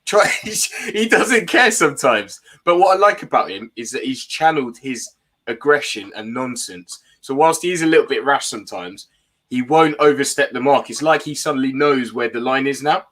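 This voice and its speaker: Excitable guy in a footy chat, bright sharp voice, laughs a lot. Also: medium pitch, normal speed. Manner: excitable, laughs often, enthusiastic. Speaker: guest fan. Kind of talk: casual football chat.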